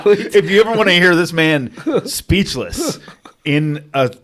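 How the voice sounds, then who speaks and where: A man's voice: on the high side, animated, unhurried, a loud crowd. A man who is a guest in a podcast studio, chatting casually and making dry joking remarks. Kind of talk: casual chat.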